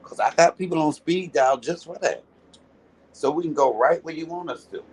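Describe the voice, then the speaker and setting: A live-streaming commentator with a fairly high, slightly rough voice rants casually to his viewers at a moderate pace on a rough recording. He's profane, confrontational, and mocking.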